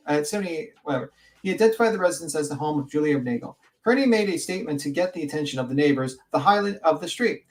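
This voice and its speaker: A male livestream host reading a document aloud with blunt, profane, indignant asides. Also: fairly high pitch.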